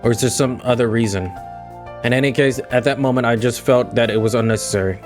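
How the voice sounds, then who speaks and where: A man's voice: mid-range voice, fast talker, faint music behind. A young man reading a visual novel aloud and reacting with exasperated, slangy outbursts. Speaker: gaming video creator.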